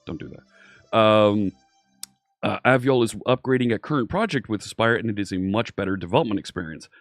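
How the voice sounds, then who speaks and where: A man's voice: fairly low pitch, fairly quick, no echo, clean studio sound. A man from Philadelphia with a light Philadelphia accent, teaching programming in a casual, upbeat live-stream chat and greeting viewers by name. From Philadelphia, USA. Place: home studio. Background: faint synthwave music.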